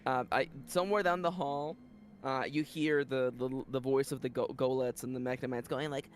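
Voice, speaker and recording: Man game master, mid voice, playful and animated scene narration. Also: medium pitch, normal speed, slight background noise.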